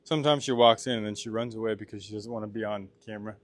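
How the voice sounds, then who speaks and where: A blacksmith from Washington State, USA, livestreams from his workshop in a steady, low-leaning voice, talking at a racing pace with no echo. He chats casually, laughs often, and reads and answers his chat aloud while working.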